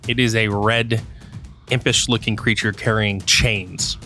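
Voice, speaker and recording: Slow-speaking game master, low voice. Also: male voice, fairly even intonation, pushed and bright, faint music behind. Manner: slow, dramatic descriptive narration. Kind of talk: narrating a tabletop game.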